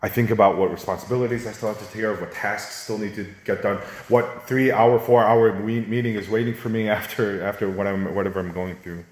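Preaching at a brisk clip with hardly any pauses, a pastor addresses his congregation directly in an earnest, conversational manner. His lowish voice climbs into animated, higher passages, and the audio echoes as if recorded in a sanctuary.

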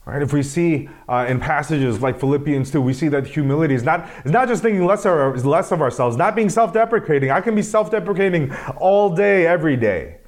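Man, pastor, casual sermon, slightly high voice, self-deprecating, stumbles and restarts. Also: lively intonation, brisk, hardly any pauses.

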